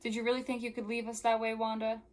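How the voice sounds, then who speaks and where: A woman doing a gentle, soothing young man. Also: fairly high pitch, completely flat delivery, fast talker, close to an everyday voice. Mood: tender. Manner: soft and soothing.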